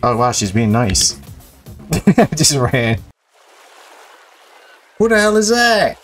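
A woman's voice: rumbling low, big pitch swings, slow, faint music behind. A young woman streamer giving blunt, profane, joking commentary while playing a game. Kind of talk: let's play commentary. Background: game audio.

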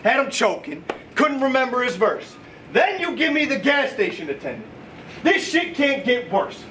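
A man battle rapping with loud, taunting delivery. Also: extremely high pitch, normal speed, slight background noise. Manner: lively, shouted taunting. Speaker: battle rapper. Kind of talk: battle rap verse.

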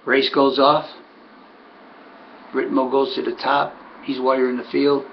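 A man, a harness horse trainer, casually telling a story in an animated, emphatic way, repeating words for effect. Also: medium pitch, measured pace, gravelly, slight background noise. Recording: dull lo-fi recording.

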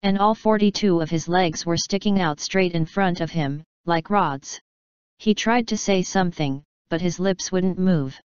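A woman giving a steady, measured scripted story narration as an audiobook narrator. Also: lowish voice, smooth, no echo, muffled recording.

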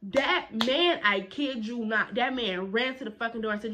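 A young woman telling a story in a casual vlog, animated and emphatic, with quick indignant retorts. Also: a little high, background noise.

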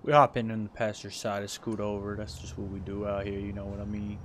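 A man's voice: fairly low pitch, flat delivery, fast, a little hiss or hum. A young man casually commenting to himself as he plays a game on a live stream, laid-back and swearing now and then. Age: young adult. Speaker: streamer playing a video game.

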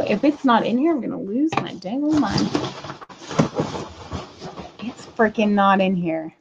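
A woman's voice: mid-range voice, lively intonation, normal speed, pauses often, highs cut off, background noise. A woman in her thirties chatting casually to viewers while unboxing crystals, exasperated and talkative. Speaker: crystal seller.

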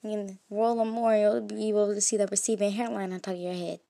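A woman's voice: mid-range voice, level tone, quick pace, vocal fry, dark tone, dry recording, studio quality, close to an everyday voice. A woman voicing a mocking, scolding young wife in a game story.

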